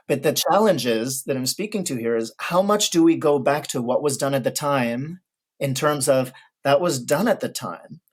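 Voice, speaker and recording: During a casual interview, a man with a slightly high voice appears as a guest expert on historical piano recordings. He explains his ideas in a thoughtful, measured manner.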